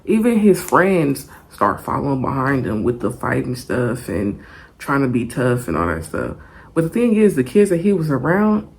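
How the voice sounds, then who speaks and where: A young woman telling a story in a casual storytime vlog, animated and profane, laughing often. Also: low voice, vocal fry.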